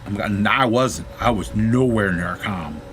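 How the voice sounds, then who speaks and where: A man's voice: fairly low pitch, a little slow, a little hiss or hum. A middle-aged man, a gaming streamer, casually telling a profane story while he plays, acting out the people in it. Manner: profane, animated storytelling, shouts quoted lines.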